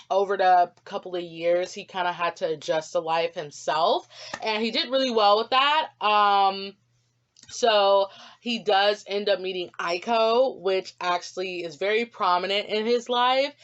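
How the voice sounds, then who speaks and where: A young woman casually talking about her original character in a vlog, rambling with lots of ums. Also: medium pitch. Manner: rambling, many ums, gets emotional. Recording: dull lo-fi audio with faint music.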